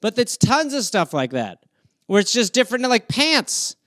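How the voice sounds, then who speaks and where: A man's voice: extremely high pitch, very animated, moderate pace, fairly bright tone, no room sound. A man from Wisconsin riffing through silly prompts on a livestream, playfully dropping into comic voices. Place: home, livestream. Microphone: phone or webcam.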